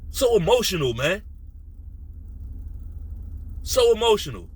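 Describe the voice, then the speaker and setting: A man hosting a sports talk video, ranting bluntly and profanely, sometimes dropping to a low menacing voice. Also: big pitch swings, slow, husky, low-quality recording. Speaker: sports commentary host. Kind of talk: casual opinion rant.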